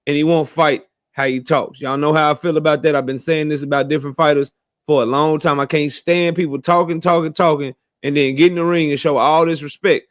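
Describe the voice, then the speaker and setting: A man's voice: a little high, steady tone, brisk. A man giving emphatic, slangy opinions on boxing in a casual debate. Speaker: boxing commentator.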